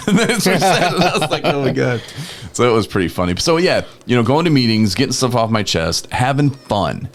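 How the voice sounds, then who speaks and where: A man with a medium-pitched voice speaks briskly on a recovery talk show in a podcast studio. Laughing and rambling through his stories, he quotes others in animated voices.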